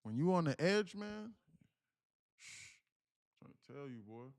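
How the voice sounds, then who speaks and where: A man's voice: a little high, big pitch swings, measured pace, darkish tone. A man talks loosely to his live-stream audience, full of slang and restarts. He circles back to the same phrases as he pushes his advice. The tone stays earnest and insistent, like a coach leaning on his crowd. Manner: slangy, repeats himself, keeps calling out "guys, listen". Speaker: day-trading livestream host. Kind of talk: casual live-stream talk to viewers.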